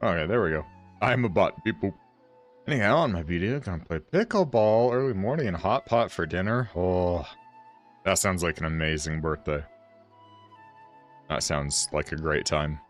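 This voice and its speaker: A man's voice: sits low, animated, normal speed, soft background music. A man streaming a game, chatting casually and rambling with his viewers. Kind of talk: casual livestream chat.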